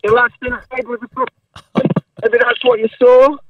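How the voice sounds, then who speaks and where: A man's voice: very high-pitched, flat delivery, normal speed, highs cut off, slight background noise. A man with an English accent, chatting politely and easily as a guest on a call. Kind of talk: casual chat. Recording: distant dry mic.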